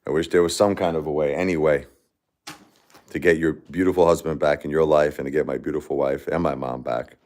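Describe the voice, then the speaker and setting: Really deep-voiced guy in his 40s hosting a live stream, grieving, halting, keeps restarting his sentences. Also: fairly even intonation, a little mellow. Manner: halting and repetitive, many restarts and fillers. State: grief-stricken. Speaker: livestream host. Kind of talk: casual livestream chat, answering comments.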